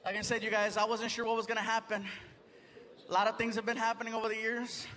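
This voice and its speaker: A man performing a stand-up comedy set on a theater stage, chatty and animated with the crowd. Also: sits high, fast talker, big-room sound. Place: theater stage before a live audience. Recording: live audience noise and crowd.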